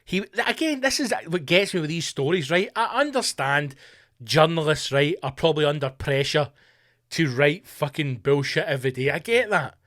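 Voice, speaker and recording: A man's voice: a little high, expressive, normal speed, a bit bright. A man hosting a podcast, delivering a profane, mocking comedic rant. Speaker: podcast host.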